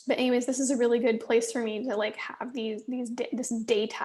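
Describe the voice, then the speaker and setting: A woman recording a candid solo business check-in, angry and stressed, talking in halting bursts, swearing and sometimes dropping to a muttered whisper. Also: fairly high pitch, little pitch movement, mellow. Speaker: solo business vlogger reviewing her own work.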